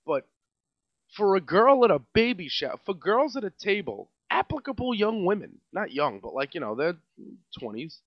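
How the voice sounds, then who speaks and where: A man with a New York accent doing a comedic rant as a podcast host, sarcastic and mocking, his voice swinging between loud outbursts and mutters. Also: sits high, sing-song, normal speed, dry recording, highs cut off. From Staten Island, New York.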